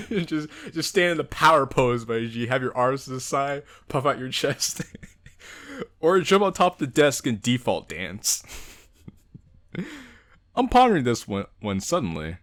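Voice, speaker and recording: A man's voice: mid-range voice, measured pace, no echo, clean studio sound. A young adult man hosting a let's play, reading a visual novel aloud and joking, laughing often. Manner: animated, laughs often, reads and jokes. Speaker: gaming channel host.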